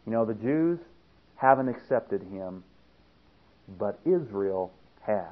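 A man's voice: fairly low pitch, lively intonation, slow. Preaching man on tinny radio. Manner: emphatic, swings between loud stress and quiet asides. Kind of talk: radio sermon.

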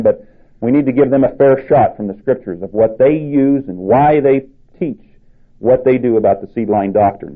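Male preacher, earnest and measured, narrow tinny phone-line sound. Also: mid-range voice. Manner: measured, earnest, restarts phrases. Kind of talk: sermon.

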